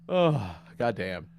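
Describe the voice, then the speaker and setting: Animated man telling a story. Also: vocal fry. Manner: animated, acts out quotes with big pitch jumps, laughs often. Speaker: podcast host. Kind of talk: casual storytelling chat.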